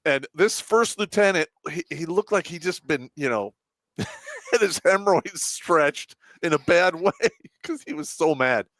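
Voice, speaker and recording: A man's voice: a little high, lively intonation, unhurried, no echo. Laughing, profane storytelling man. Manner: profane, laughing, acts out quotes loudly. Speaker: show host and veteran. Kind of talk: casual storytelling on a live stream.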